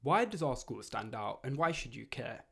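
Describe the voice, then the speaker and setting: A teenage boy, reading out study advice in a steady, earnest, scripted way. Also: medium pitch, normal speed, vocal fry, breathy edge. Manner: earnest, steady, read-aloud delivery. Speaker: student giving study advice. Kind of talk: scripted educational narration.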